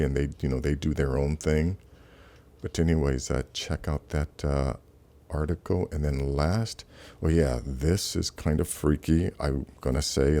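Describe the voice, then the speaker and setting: A man's voice: very deep voice, mellow. A man hosting his own video channel, talking casually over clips in a rambling way, with many fillers and restarts. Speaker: channel host.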